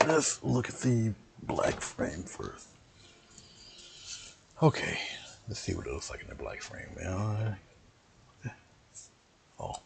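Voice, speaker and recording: Low gravelly man rambling through a painting demo. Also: background noise. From US East Coast. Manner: rambling, chatty, talks to himself while working. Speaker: painting instructor.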